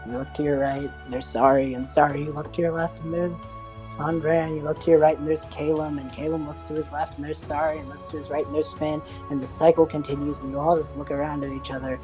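A woman narrating a tabletop game as game master, animated and swearing as she tells the story. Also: sits low, fast talker, music in the background, rough recording.

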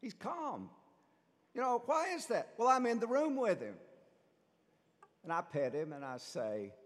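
A man, a priest, giving a sermon in a conversational, animated way, asking the congregation rhetorical questions. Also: sits high, measured pace, pauses often. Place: church. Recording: long church reverb.

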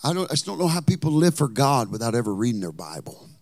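A man's voice: medium pitch, very animated, fast talker, a little mellow, no room sound. A man preaching a sermon as pastor, impassioned, with a chanted, singsong cadence.

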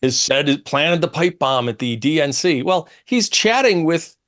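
A man's voice: fairly high pitch, moderate pace. A man hosting a talk radio show, speaking emphatically and acting out quotes from others. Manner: animated, emphatic, quotes others in changed tones.

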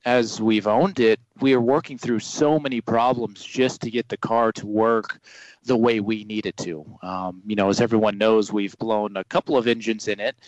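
A low-voiced man explains his car-building work in a halting way, restarting his sentences often. The sound is close and dry. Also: fairly even intonation, dry recording, dull audio. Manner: hesitant, full of restarts and fillers. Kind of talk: casual interview talk.

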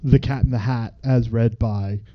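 A man's voice: mid-range voice, fairly even intonation, normal speed. A man co-hosting a casual podcast, explaining things in a rambling way with lots of fillers. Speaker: podcast co-host. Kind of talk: casual chat. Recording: dull lo-fi recording.

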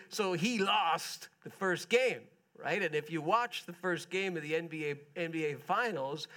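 Guy preaching, kinda high voice, chatty and loose with the congregation. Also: a bit bright. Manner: conversational, chatty with the congregation, asks them questions. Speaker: pastor. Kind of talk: sermon.

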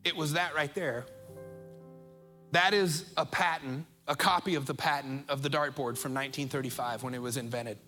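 A middle-aged man with an American accent preaching a sermon as pastor, earnest and openly emotional, slowing right down on key phrases. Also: medium pitch, pushed and bright. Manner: emotional, earnest, speeds up and slows down for emphasis.

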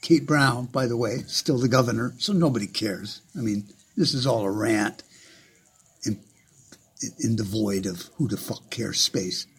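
A man delivering a heated, profane, sarcastic ranting monologue in a husky voice. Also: mid-range voice, a little slow.

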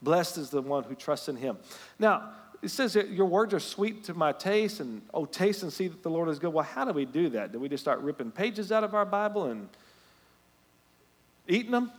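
A man preaching a sermon as pastor, animated and storytelling, climbing to loud emphatic peaks. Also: on the high side, moderate pace. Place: church sanctuary. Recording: long hall reverb.

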